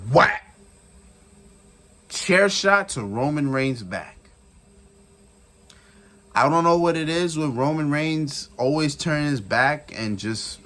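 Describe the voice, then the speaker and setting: A man giving a casual, excitable recap of a wrestling event, repeating phrases for emphasis and laughing often. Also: fairly high pitch. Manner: excitable, retells with shouted quotes and sound effects. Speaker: wrestling reviewer.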